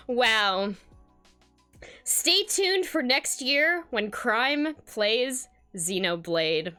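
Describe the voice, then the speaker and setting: Giggly woman streamer reading fanfic, high, lively and effusive. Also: extremely slow, long pauses, clear, resonant tone, faint music behind. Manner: laughs often, gushing and effusive. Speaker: streamer host. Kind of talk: reading fan fiction aloud on stream.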